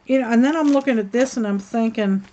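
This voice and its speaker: A woman's voice: on the high side, fast, dark tone, muffled recording. A woman hosting a crafting livestream, chatting casually and thinking aloud while she works, reading comments and laughing at them. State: hiccups.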